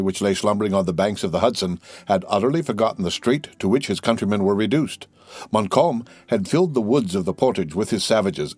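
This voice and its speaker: A man reading a classic adventure novel aloud as an audiobook narrator, in a steady, measured way. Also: lowish voice, no echo. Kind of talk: scripted narration.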